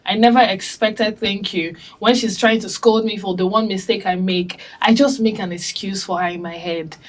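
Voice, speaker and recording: A woman on a discussion panel, telling animated stories and acting out quotes from family. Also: medium pitch, moderate pace. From Africa. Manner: animated storytelling, acts out quotes. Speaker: panel guest.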